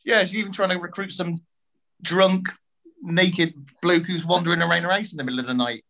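Guy rambling through a funny story on a podcast, bright sharp voice, bit high. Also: fairly quick. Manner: rambling anecdotes with restarts and quoted dialogue. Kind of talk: casual storytelling chat.

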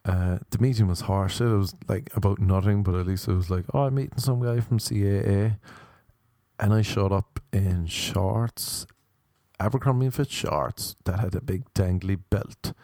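Rambling Irish man with a mellow voice. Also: sits low, normal speed, no room sound, studio quality. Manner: rambling, self-deprecating. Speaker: podcast host. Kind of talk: casual comedic storytelling.

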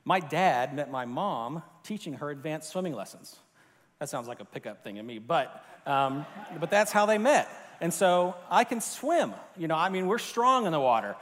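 A man's voice: a little high, sing-song, normal speed, a bit bright. A man from Florida preaching a sermon in a loose, conversational way, with fillers and restarts. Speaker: pastor. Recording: long hall reverb.

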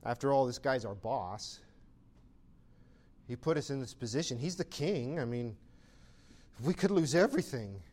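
A man's voice: mid-range voice, lively intonation, moderate pace, pauses often, darkish tone, voice pushed down, lightly acted. A male preacher voicing a timid believer who talks himself into going along with a compromise. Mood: rationalizing. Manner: rationalizing, hesitant, self-excusing.

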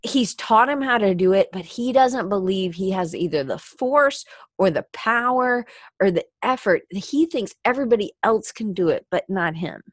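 Her medium-pitched voice is animated and moves at normal speed, captured dry with clean studio sound. The podcast host is tearful, offering a heartfelt, motivational talk that wanders, with frequent restarts and fillers.

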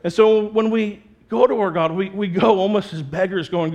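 A man preaching a sermon as pastor, talking in a conversational, animated way and slipping into playful quoted voices. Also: high voice, moderate pace, few pauses.

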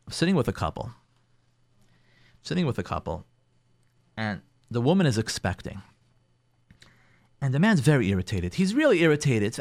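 A rabbi hosting a call-in advice show tells a counseling story and offers advice, repeating phrases for emphasis and acting out quoted people in shifting voices. He speaks at a medium pitch, very animated, at a moderate pace with frequent pauses. There's no room sound.

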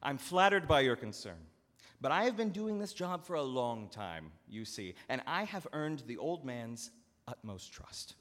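A man voicing a shrewd, smug male steward who talks in a smooth, self-assured, cooing way, heard with long hall reverb. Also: medium pitch, big pitch swings, a little slow, a bit bright, voice pushed up.

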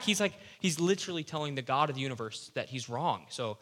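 A young man delivers an animated, conversational sermon. His voice sits a touch high and sounds bright and forceful. He drops in playful asides as he teaches. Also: fast, few pauses. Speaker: youth pastor.

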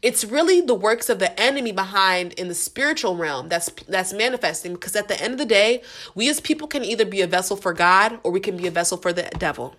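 A woman's voice: mid-range voice, lively intonation, quick pace, fairly bright tone. Earnest woman podcaster, slangy and direct. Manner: earnest, repetitive, slangy, addresses listeners directly. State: getting emotional. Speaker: podcast host. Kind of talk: casual faith-based podcast monologue.

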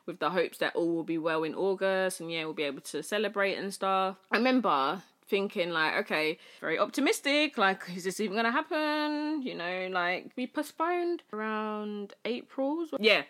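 A woman's voice: mid-range voice, animated, normal speed, hardly any pauses, fairly bright tone. A young woman with a British accent, a podcast guest telling a personal story in casual chat, full of fillers and acted-out quotes. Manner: chatty storytelling, many fillers, acts out quoted speech.

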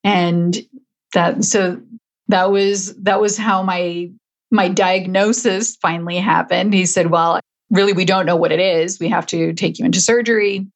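A woman's voice: lowish voice, steady tone, a little slow. A middle-aged woman, an interview guest, telling her story conversationally with frequent restarts. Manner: frequent restarts, emotional at moments.

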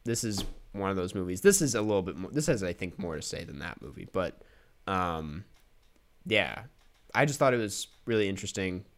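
A man co-hosting a casual podcast. His voice is a little low and swings widely in pitch as he talks. He chats loosely, with frequent laughs and plenty of fillers. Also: expressive, brisk. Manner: chatty, laughs often, many fillers. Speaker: podcast co-host. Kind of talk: casual chat.

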